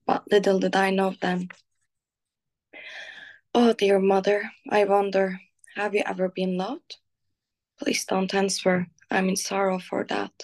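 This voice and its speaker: A woman reading her own poem slowly and softly, then chatting casually. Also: medium pitch, gravelly. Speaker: guest poet. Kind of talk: casual chat and poetry reading.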